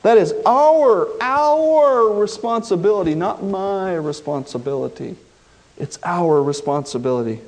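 A male pastor preaching a sermon in an animated way, acting out the quoted voices. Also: high-pitched, a little slow.

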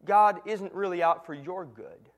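Man preaching, higher voice, sinking to a hush. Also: muffled recording. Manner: earnest teaching tone, slows and drops to a hush at key lines. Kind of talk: sermon.

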